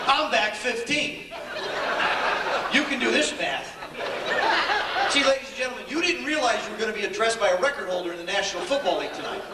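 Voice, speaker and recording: Older guy doing a funny keynote, high bright voice, acts out all the dialogue, booming hall, mic kinda far off. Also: heavy background noise. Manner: animated storyteller, acts out dialogue, chuckles often. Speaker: keynote speaker. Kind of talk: humorous motivational speech. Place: large echoey hall with an audience. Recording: echoey hall, distant mic, faint ambience.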